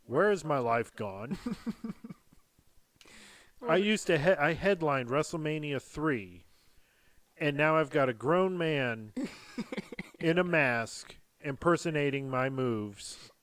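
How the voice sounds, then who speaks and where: A man's voice: on the high side, animated, takes it slowly, long pauses, a bit bright, no room sound. A man doing an impression of an aging, brash male wrestling star, drawling and self-pitying.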